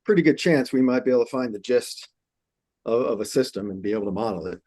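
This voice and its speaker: Relaxed man with a dry close sound. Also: medium pitch, fast, no room sound. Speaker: panel guest. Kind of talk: casual panel conversation.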